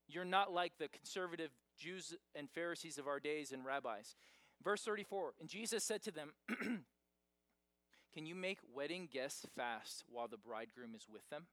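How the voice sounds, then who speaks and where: A man's voice: fairly high pitch, normal speed, no room sound. Emphatic, conversational male pastor. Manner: conversational, emphatic, rising to loud stresses. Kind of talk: sermon.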